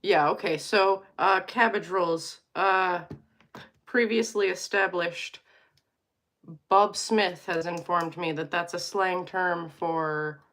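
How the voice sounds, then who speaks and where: Speaking in a medium pitch with a creaky, fairly bright tone, this Albertan vlogger in her thirties chats playfully with her audience. She rambles along and keeps interrupting herself.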